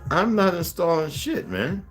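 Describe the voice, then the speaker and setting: An older man from the United States hosting a livestream, rambling and halting, often repeating words as he fiddles with his device. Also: high voice, very animated, soft background music. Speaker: livestream host. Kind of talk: casual livestream talk.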